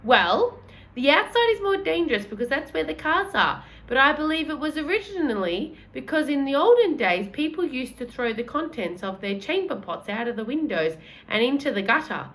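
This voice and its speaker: A woman's voice: high voice, big pitch swings, moderate pace, a bit bright, voice pushed up. Woman doing a courtly old tramp. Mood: genteel. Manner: old-fashioned, polite, fatherly. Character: kindly old male tramp, gentlemanly.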